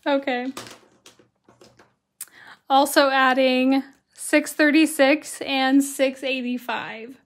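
A woman with a hoarse voice teaching watercolor on a live stream, chatty and greeting viewers by name as she works. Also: sits high, steady tone, takes it slowly, pauses often. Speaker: watercolor instructor. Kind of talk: live-stream craft tutorial.

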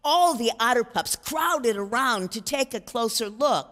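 A woman reading a children's storybook aloud in a concert, with expressive, animated storytelling. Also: on the high side, a little slow, long reverb tail.

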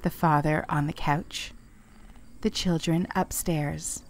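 Slow, measured woman storyteller. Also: low voice, fairly even intonation. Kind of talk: scripted storybook narration.

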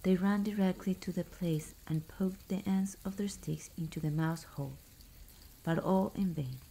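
A woman reading a fairy tale aloud as a whispered ASMR bedtime story, soft and hushed. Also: lowish voice, moderate pace, vocal fry, husky, rough recording.

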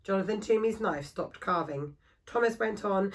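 A woman reading a children's story aloud in a steady, expressive storytelling voice. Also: on the low side, moderate pace, poor audio. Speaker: school staff reader.

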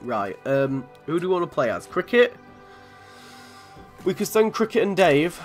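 A man's voice: a little high, very animated, unhurried, soft background music. A man from commentating on a video game in a chatty, sweary way, often laughing. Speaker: gaming channel host.

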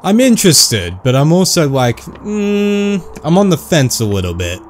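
A man's voice: a little high, sing-song, measured pace, soft background music. A man giving casual let's-play commentary, chatting and reacting aloud as he plays. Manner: chatty, reacts aloud and reads game dialogue. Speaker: game commentator.

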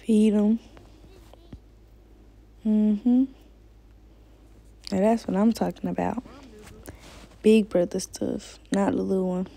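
A woman's voice: medium pitch, steady tone, takes it slowly, creaky, long pauses, dark tone, low-quality recording. A woman giving casual, slangy commentary while playing a game and talking to her viewers. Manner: slangy, chatty, talks to viewers. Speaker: gamer.

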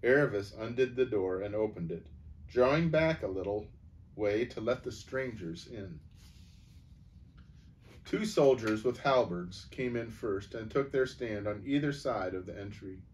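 A man reading a children's storybook aloud in a gentle, unhurried way. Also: fairly low pitch, recorded from a distance, slight background noise.

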